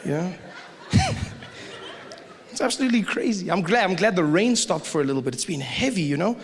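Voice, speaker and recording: A man with a South African accent performing a stand-up set, animated and full of exaggerated asides. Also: high-pitched, brisk. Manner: animated, jumps into mock voices and exaggerated asides. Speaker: stand-up comedian. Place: theater stage before a live audience. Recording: live hall with crowd and hiss.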